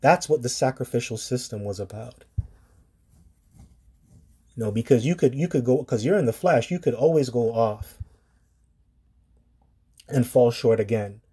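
A man's voice: medium pitch, lively intonation, a little slow, pauses often, mellow, husky. A man giving an informal sermon in a rambling, preachy way, with filler words and casual swearing.

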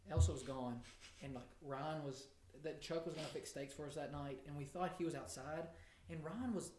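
A man's voice: a little high, moderate pace, noisy background. Laughing young man telling stories, echoey room. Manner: laughing storyteller. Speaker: podcast co-host. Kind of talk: casual chat among friends.

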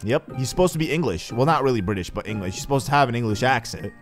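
A man's voice: mid-range voice, animated, fast talker, faint music behind. A man rambling through casual, joking gameplay commentary as he hosts a let's play.

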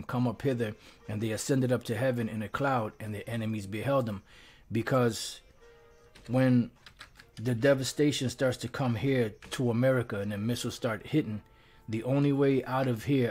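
A man teaching scripture in a live online lesson, at an ordinary middle pitch for a man. He talks loosely, full of "you know" and "um," reads verses aloud, and leans hard on the points he wants to land. Faint music sits quietly behind him. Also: husky. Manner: turns emphatic and preachy when driving points home.

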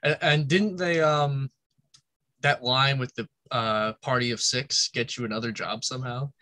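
Man host, eager, fumbling questions, sharp bright voice. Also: mid-range voice, steady tone, measured pace. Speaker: interview host. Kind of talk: casual interview.

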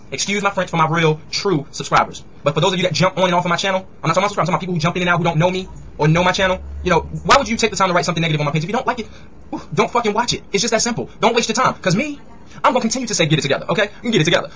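A man's voice: high-pitched, sharp tone, a little hiss or hum. A man with a New Jersey accent hosting his own video channel, venting at critics in a heated, profane rant that keeps circling back to his catchphrase. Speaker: vlogger host.

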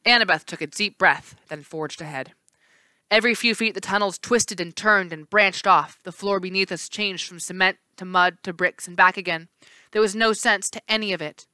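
A woman teacher reading a novel aloud in a steady storytelling voice with small slips. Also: mid-range voice, normal speed, dry recording.

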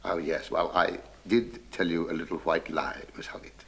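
An actor playing a prim, pompous country rector with a fussy manner. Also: male voice, sits low, fairly even intonation, moderate pace, vocal fry, fairly bright tone. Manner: prissy and fussy, with sudden squawks. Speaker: village rector.

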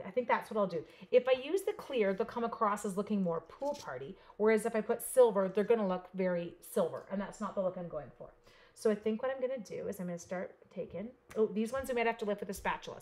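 A woman from Canada who chats playfully with viewers while she demonstrates a paper craft project step by step. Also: medium pitch. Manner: chatty, playful, talks straight to viewers. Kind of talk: live crafting demo chat.

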